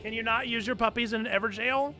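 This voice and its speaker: A young man streaming a video game live, commenting as he plays and breaking into excited shouts. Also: extremely high pitch, brisk, a little hiss or hum.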